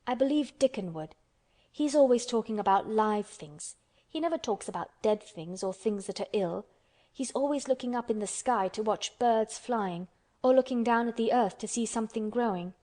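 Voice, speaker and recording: A woman's voice: fairly high pitch, moderate pace, warm tone, close to an everyday voice. A woman voicing a blunt, stubborn young orphan girl who speaks earnestly in a storybook. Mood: eager. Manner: earnest, contrary storybook telling.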